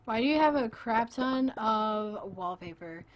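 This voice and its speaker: A woman's voice: on the high side, lively intonation, measured pace, a little hiss or hum. A woman streaming a farming game, chatting casually and playfully with her viewers in rambling, jokey asides. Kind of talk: casual gameplay live stream chat.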